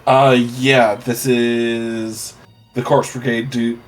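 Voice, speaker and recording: A man's voice: mid-range voice, little pitch movement, slow pace, soft background music. A man co-hosting a let's play, casual, profane and joking as he plays. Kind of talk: casual gameplay commentary.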